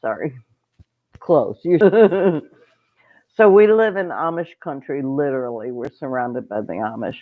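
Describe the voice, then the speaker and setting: Slow, chatty homestead woman on a lo-fi stream. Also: a bass voice, lively intonation. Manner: chatty, rambling, greets viewers mid-story. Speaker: homestead channel host. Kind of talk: casual livestream storytelling.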